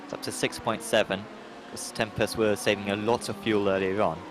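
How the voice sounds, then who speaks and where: A man's voice: lowish voice, level tone, a little fast, noisy background. A man commentating on a sim race, talking in a rambling, hesitant way with lots of fillers and restarts.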